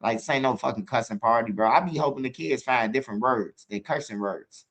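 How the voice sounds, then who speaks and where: A man with a Chicago accent rambles through profane stories, tossing "bro" into nearly every line. His voice is bright and forceful at a middling pitch, and he keeps turning to his viewers to ask what they think. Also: fairly quick. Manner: talks straight to viewers, asks for comments. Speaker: channel host. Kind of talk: casual storytelling monologue.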